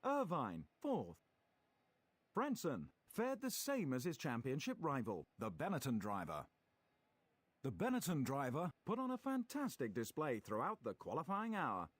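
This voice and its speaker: Formal race commentator reading the grid, kinda husky, swoops a lot. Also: male voice, medium pitch, huge pitch swings, a little slow, dry recording, full character voice. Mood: announcing. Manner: formal, announcer-like. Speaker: game commentator.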